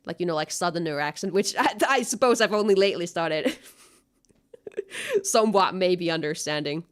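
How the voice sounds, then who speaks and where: A woman's voice: lowish voice, expressive, moderate pace. A young woman with a Finnish accent chatting casually on a gaming stream, rambling and giggly with lots of fillers. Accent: Finnish-tinged American English. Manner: rambling, giggly, thinks aloud with many fillers. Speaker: VTuber streamer. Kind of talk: casual chat while gaming.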